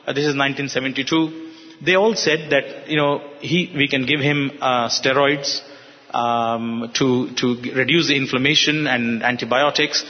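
A man's voice: mid-range voice, fairly even intonation. Man telling a story in a hall. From Hyderabad, India. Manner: earnest, halting, with many fillers. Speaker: speaker telling a personal story. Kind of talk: personal storytelling talk to an audience. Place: hall with an audience. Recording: reverberant hall, dull sound.

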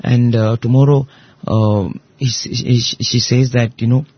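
A man telling a devotional story in conversation, animated and full of fillers. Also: medium pitch, a little slow, breathy edge, no room sound, lo-fi sound. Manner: animated, acts out voices in quotes, many fillers.

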